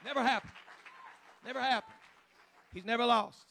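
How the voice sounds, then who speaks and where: A man preaching a sermon in church, dropping into low, chatty asides and rising to loud, shouted exhortation. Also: gravelly. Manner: swings from low conversational talk to shouted, drawn-out exhortation.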